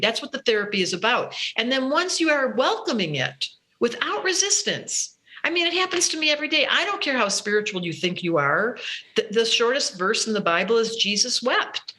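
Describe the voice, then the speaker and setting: A woman spiritual teacher talking as an interview guest, expressive, acting out her own inner voice. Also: a little high. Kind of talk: interview conversation.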